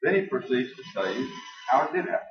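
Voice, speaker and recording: Emphatic preacher in an echoey church. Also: male voice, mid-range voice, big pitch swings. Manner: emphatic, folksy, quotes aloud with slow stress. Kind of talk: sermon. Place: church hall. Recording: echoey, distant, dull live church recording.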